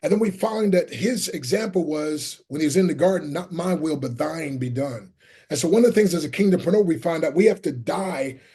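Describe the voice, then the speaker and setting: Middle-aged male guest, preacher-style cadence, slightly high voice with a husky edge. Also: fairly quick, warm tone. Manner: fervent, quotes scripture, calls the host "my friend". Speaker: guest, motivational speaker. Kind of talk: preaching-style interview talk.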